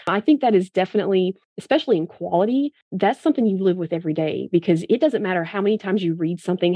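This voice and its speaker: A woman guest in a casual interview, telling stories in a candid and animated way. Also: fairly low pitch, dry recording. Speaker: guest, medical device consultant.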